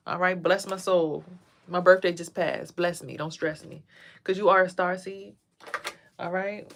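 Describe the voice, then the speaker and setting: A woman's voice: fairly low pitch, fairly even intonation, a little slow, slight background noise. A woman giving a casual tarot reading on a phone livestream, chatting to viewers and drifting between the cards and asides. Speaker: tarot reader.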